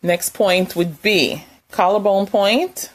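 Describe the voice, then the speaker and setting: A woman's voice: medium pitch, slow. A woman giving a casual, conversational lesson, demonstrating tapping points with her hands and chuckling now and then. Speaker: wellness instructor. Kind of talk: casual instructional talk.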